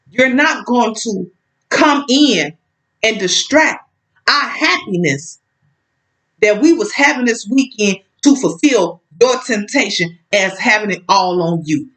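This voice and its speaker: A woman's voice: on the high side, fairly bright tone, low-quality recording. A woman telling a personal story in a casual vlog, outspoken and emphatic, talking straight at an absent ex-partner.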